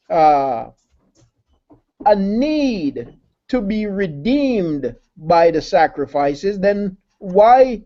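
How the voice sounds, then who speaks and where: A man delivering a sermon at an unhurried, deliberate pace, with a mellow, dark tone. He repeats key phrases and asks his listeners rhetorical questions. The recording sounds dull and lo-fi. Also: high-pitched. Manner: addresses listeners as family. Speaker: preacher.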